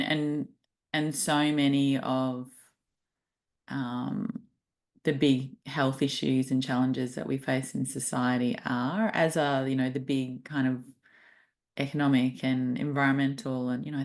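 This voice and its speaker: A woman's voice: extremely low pitch, fairly even intonation, slow pace, a little mellow. A woman hosting a podcast, talking reflectively and thinking aloud in a casual interview. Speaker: podcast host.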